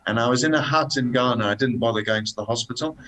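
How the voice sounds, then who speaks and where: Guest man, mid-range pitch, animated casual storyteller who leans on "man". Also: fast talker, a little hiss or hum, rough recording. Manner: animated anecdotes, says "man" often. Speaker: guest, motorcycle traveller.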